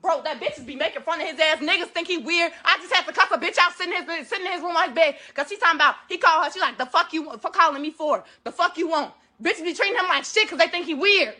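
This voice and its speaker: Irate woman, very high and sharp, profane threats, relentless repetition. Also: racing, few pauses. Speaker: confronting a neighbor over theft. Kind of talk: heated confrontation filmed on a phone.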